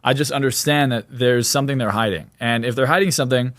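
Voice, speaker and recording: A man's voice: medium pitch, fast talker, a bit bright, no echo, clean studio sound. A man speaking as a podcast guest in a blunt, emphatic, opinionated way. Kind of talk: podcast interview.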